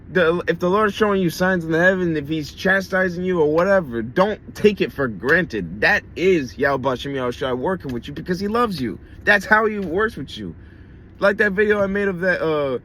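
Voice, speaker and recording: A man delivers a casual sermon in a blunt, street-level way, swearing freely as he drives his points home. His voice sits slightly high, with a faint hiss of noise behind it. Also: a bit bright. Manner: blunt and profane, conversational preaching. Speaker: preacher.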